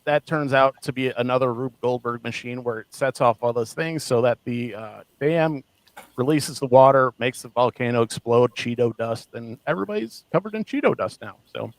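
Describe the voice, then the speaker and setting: A man co-hosting a podcast in casual chat, animated and laughing often as he mocks what he quotes. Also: medium pitch, normal speed, no room sound, poor audio. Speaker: podcast co-host.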